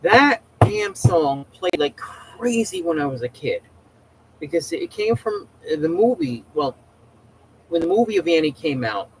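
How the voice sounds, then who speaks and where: A man's voice: mid-range voice, slight background noise, poor audio. Rambling man chatting on a livestream. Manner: rambling, chatty, many restarts. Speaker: livestream host. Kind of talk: casual livestream chat.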